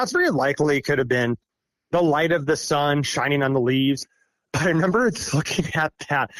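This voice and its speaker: A man's voice: fairly high pitch, fairly bright tone, no room sound. Rambling man from Iowa telling stories. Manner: rambling, halting restarts with frequent laughs. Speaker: podcast guest, forestry contractor. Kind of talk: casual storytelling interview.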